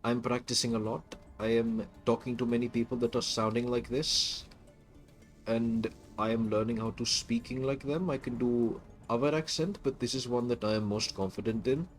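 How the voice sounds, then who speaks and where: A man's voice: medium pitch, fairly even intonation, moderate pace, faint music behind, close to an everyday voice. A man putting on an exaggerated Indian English accent and broken grammar to play a haggling middleman. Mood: mocking. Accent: put-on Indian English. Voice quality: broken grammar, sing-song phrasing. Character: mock Indian man haggling over a divorce deal.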